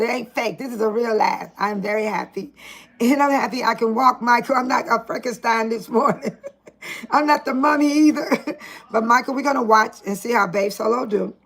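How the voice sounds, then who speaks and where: Older woman, live-stream vlogger, gravelly raspy voice, fairly high, chatty, laughs a lot. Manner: chatty, laughs often, talks to viewers by name. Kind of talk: casual live-stream chat.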